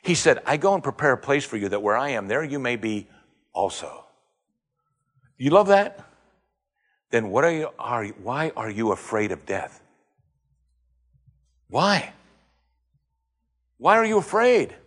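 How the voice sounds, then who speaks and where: A man preaching a sermon, firing rhetorical questions, rising to emphatic high points and dropping low again. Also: sing-song, a little slow, pauses often, fairly bright tone.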